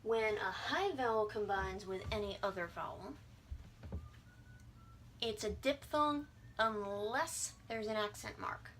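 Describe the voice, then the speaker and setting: A woman's voice: mid-range voice, slow pace, fairly bright tone, a little hiss or hum. A young adult woman giving a casual video lesson, breezy and irreverent, sounding out vowels and words as she explains. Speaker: language teacher.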